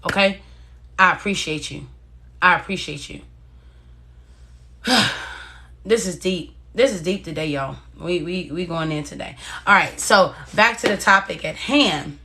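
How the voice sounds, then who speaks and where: A woman's voice: fairly low pitch, measured pace, pauses often. A woman hosting a motivational live stream, encouraging viewers and reading their comments in a casual, repetitive way. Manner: encouraging, talks straight to viewers, repeats phrases; casual and warm-hearted, reads out viewer comments.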